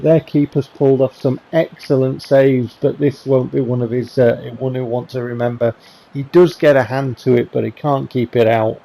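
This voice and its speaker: Gravelly-voiced man narrating game highlights. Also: poor audio. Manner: chatty, rambling, self-mocking asides; excited calls on goals and near misses. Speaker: gaming channel host. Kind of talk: voice-over commentary on football game highlights. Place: recorded voice-over while editing.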